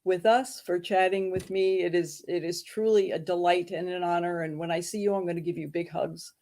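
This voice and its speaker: A woman's voice: on the low side, fairly even intonation, normal speed. Chatty woman podcast host. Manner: warm, laughs easily, chatty. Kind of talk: casual interview chat.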